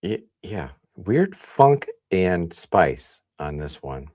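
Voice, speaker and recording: A man from the Midwest hosting a casual livestream, chatting and thinking out loud as he reads comments. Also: low voice, sing-song, extremely slow, dry recording, studio quality. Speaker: livestream host. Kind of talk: casual tasting livestream chat.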